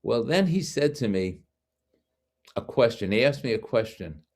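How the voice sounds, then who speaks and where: A man's voice: medium pitch, expressive, measured pace, darkish tone. A man in his seventies from Brooklyn, a guest speaker telling a personal story, frank and wry with self-mocking asides. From Brooklyn, New York. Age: 70s.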